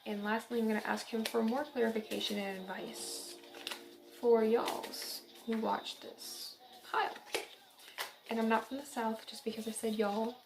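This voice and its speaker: A woman's voice: a little high, steady tone, moderate pace, vocal fry, background noise. A young woman from central Illinois giving a casual, upbeat tarot reading, chatty and giggly. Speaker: tarot reader.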